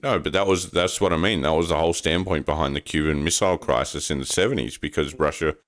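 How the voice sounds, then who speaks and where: A man's voice: a bass voice, quick pace. A man co-hosting a casual podcast chat, telling stories with lots of swearing and acting out quotes. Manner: animated storytelling, swearing, acts out quotes in raised voice. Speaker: podcast co-host.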